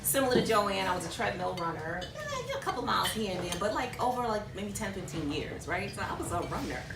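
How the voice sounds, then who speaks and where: A woman's voice: medium pitch, big pitch swings, quick pace, vocal fry. A woman in her fifties telling a running group her story, giggling and poking fun at herself. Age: 50s. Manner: giggly, self-deprecating. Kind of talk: personal testimony to a group. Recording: echoey room from far off, with loud crowd and noise.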